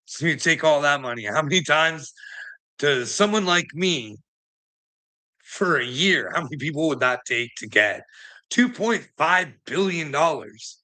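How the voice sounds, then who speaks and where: A man from Canada rants in a loose, unscripted monologue, his voice bright and forceful. He swears freely, wanders off mid-sentence and lets out short laughs between points. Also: on the high side, animated, a little slow. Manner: profane, rambling, laughs between remarks. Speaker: political commentary host. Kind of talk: casual ranting monologue.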